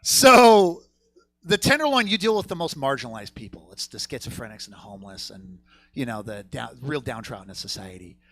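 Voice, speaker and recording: Stand-up guy, high lively voice, bright, swears a lot, dry close sound. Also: a little fast, no room sound. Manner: profane, swings from low mutter to loud. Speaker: stand-up comedian. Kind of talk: stand-up set. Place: comedy theater stage.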